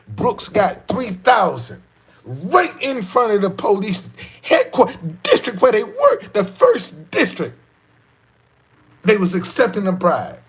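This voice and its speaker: Husky, animated D.C. man. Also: sits high. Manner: profane, repetitive, emphatic street talk. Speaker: guest telling his life story. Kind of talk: animated storytelling.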